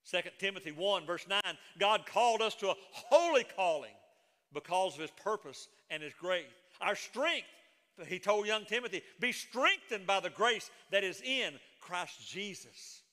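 Pastor guy preaching, folksy storytelling, bright voice, big echoey church. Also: high voice, lively intonation, unhurried. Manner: folksy storytelling, rising to emphatic proclamation. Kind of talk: sermon.

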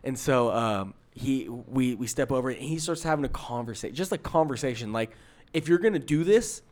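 A young man co-hosting a podcast, telling an exasperated story in a casual, animated way, full of fillers. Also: mid-range voice, normal speed. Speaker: podcast co-host.

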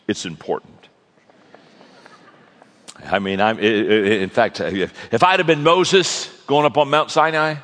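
A man's voice: fairly low pitch, fairly bright tone. A man preaching a sermon in a folksy, joking storytelling manner to a large audience. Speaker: pastor, guest speaker. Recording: long reverb of a large hall.

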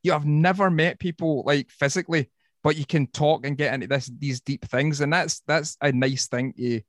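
A Scottish man, a woodworker guest on a podcast, telling stories in a casual, sweary, animated way. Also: on the high side, normal speed, no room sound, clean studio sound. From Scotland. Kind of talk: casual chat.

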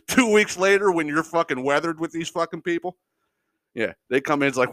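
Profane, animated middle-aged podcast ranter. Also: male voice, fairly high pitch, normal speed, dry recording. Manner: profane, animated, laughing storyteller. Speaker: podcast host. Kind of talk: casual comedic rant.

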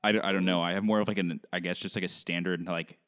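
A man's voice: low-pitched, level tone, fast talker, fairly bright tone, clean tone, dry recording, clean studio sound. Rambling man from Southern California. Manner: rambling, loaded with "like" and beach slang. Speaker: podcast co-host. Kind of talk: casual chat.

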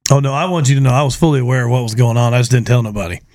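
A man hosting a podcast, telling casual stories in a profane, animated way and laughing often. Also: mid-range voice, rapid-fire. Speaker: podcast host. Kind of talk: casual storytelling chat.

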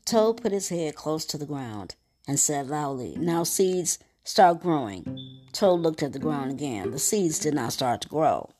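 A woman's voice: low voice, expressive, normal speed, warm tone. A woman reading a children's storybook aloud and turning it into an informal sermon, in a folksy manner that calls the listener "baby". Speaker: storyteller and lay preacher. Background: guitar music.

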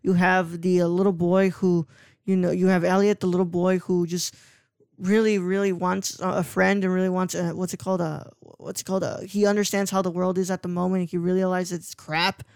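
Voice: medium pitch, flat delivery, brisk, vocal fry, darkish tone, clear, resonant tone, no room sound, studio quality. A podcaster chatting about a film, rambling and often stopping to search for words. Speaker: podcast co-host. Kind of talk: casual podcast film chat.

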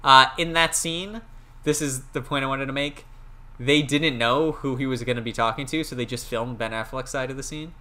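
Young man, podcast co-host, bright tone, casual movie chat, animated, mock quotes. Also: medium pitch, normal speed. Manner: chatty, animated, shares trivia with mock quotes.

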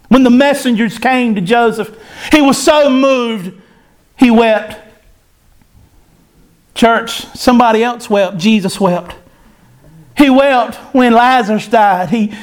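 A man preaching a sermon to his church, fervent and repetitive, with folksy phrasing and sudden loud bursts. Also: extremely high pitch. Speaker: pastor.

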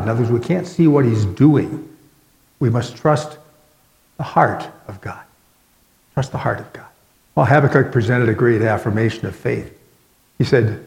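Man preaching in a church, earnest, pausing for effect, big roomy echo trailing off. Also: mid-range voice, creaky, a little mellow. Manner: earnest preaching with dramatic pauses. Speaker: pastor. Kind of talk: sermon. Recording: echoey hall with long reverb.

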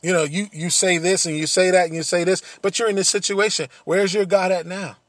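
A man's voice: sits high, fairly even intonation, a little fast, fairly bright tone, dry recording, clean studio sound. A man preaching a sermon, earnest, repeating phrases and building to emphatic peaks.

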